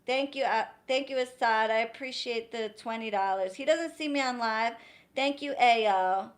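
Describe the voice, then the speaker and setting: A woman's voice: fairly high pitch, moderate pace. A woman talking casually and bluntly to viewers on a live stream, giving advice with plenty of profanity and exasperation.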